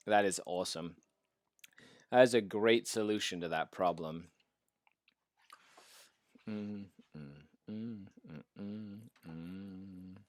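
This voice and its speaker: A man's voice: sits low, a bit bright, clear, resonant tone, no echo. A man hosting a casual live hobby stream while painting miniatures, playful and enthusiastic as he chats with viewers at his desk mic.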